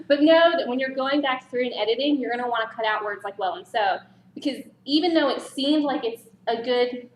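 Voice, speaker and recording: Chatty woman leading a writing workshop. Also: on the high side. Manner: chatty and animated, with light laughs. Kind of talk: casual workshop talk. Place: library meeting room. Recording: roomy echo, faint background noise.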